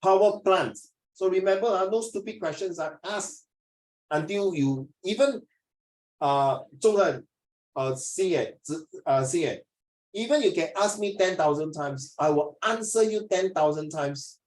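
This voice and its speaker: A middle-aged man with a Malaysian English accent teaching an English lesson, lively and lecturing, mixing in Mandarin. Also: high-pitched, a little slow, roomy sound, low-quality recording. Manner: animated, switches between English and Mandarin, lectures and acts out scenes. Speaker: English tutor. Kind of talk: classroom lesson.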